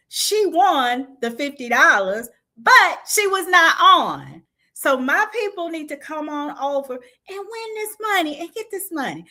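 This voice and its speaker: A woman hosts her own livestream, talking casually to her viewers and promoting events with hype-girl energy. Her voice is bright and slightly high. Her pitch swings widely as she talks. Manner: lively, hype, chatty with the audience. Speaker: livestream show host. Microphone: video call style stream mic.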